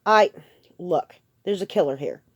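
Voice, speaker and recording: A woman's voice: on the low side, animated, unhurried, slightly rough, full character voice. A woman reading a guarded young male assassin. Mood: tense. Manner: terse, defensive, urgent pleading.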